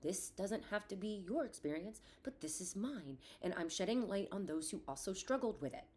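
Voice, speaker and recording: A woman's voice: medium pitch, lively intonation, normal speed, mellow. Woman, thirties, solo podcast host, raw and profane, ranty but reflective. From Florida. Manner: blunt and profane, swinging between rant and reflection. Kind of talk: candid solo podcast monologue.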